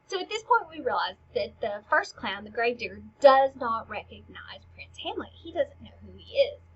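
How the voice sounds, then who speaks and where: Husky-voiced woman teacher explaining a play. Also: a little high, big pitch swings, normal speed, dull audio. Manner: casual explanatory, paraphrases into plain modern talk.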